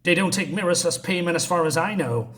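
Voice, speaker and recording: A man's voice: sits high, lively intonation, brisk, a bit bright, voice pushed up. A man reading aloud the lines of a bitter man buried in debt, in an impatient, scolding way. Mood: irritated. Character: grown man, indebted and bitter toward Alice.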